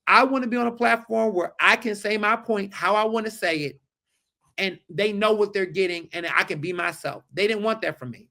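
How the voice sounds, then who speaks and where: High bright-voiced guy, emphatic, hammering his points, repeats stuff for punch. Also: a little fast, gravelly. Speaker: podcast guest, journalist. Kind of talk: casual chat.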